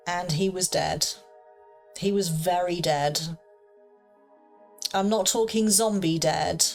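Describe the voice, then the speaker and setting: A young woman casually telling a personal story in a chatty, rambling way full of fillers. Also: lowish voice. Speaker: paranormal storyteller.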